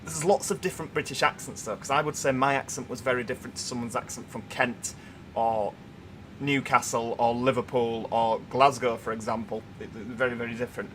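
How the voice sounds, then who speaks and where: A man's voice: medium pitch, fairly even intonation, fairly quick, a little hiss or hum. A young man with a Yorkshire accent, hosting a casual livestream and chatting as he reads viewer comments aloud. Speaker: livestream host.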